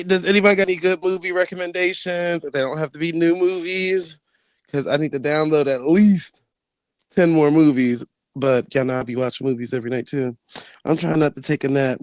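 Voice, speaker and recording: A man chatting on a live online panel from home, brash and animated, laughing often and swearing freely. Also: on the high side, no room sound. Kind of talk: casual trash-talking chat.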